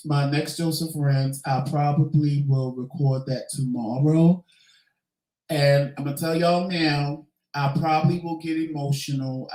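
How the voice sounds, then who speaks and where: A man's voice: mid-range voice, warm tone, roomy sound, poor audio. A man hosting a casual question-and-answer vlog, talking candidly and swearing now and then. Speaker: vlogger host. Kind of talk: casual Q&A chat.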